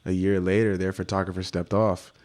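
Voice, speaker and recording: A man with a low voice talks through his path into photography in a relaxed interview. He slips into livelier imitations of the people he quotes as he tells it. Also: fairly quick. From United States. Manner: animated storyteller acting out quoted voices. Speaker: guest photographer. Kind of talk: casual storytelling interview. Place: studio set.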